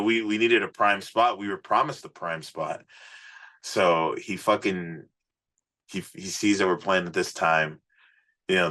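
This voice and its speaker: A man, a rock musician guest, telling road stories in a casual, swearing, animated way on a podcast. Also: deep voice. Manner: profane, animated storyteller. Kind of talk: casual storytelling interview.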